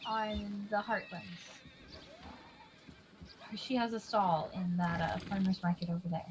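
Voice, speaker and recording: A woman's voice: mid-range voice, steady tone, a little slow, background noise. A woman in a roleplay, speaking politely with formal phrasing. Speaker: roleplay player. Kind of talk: in-character roleplay chat.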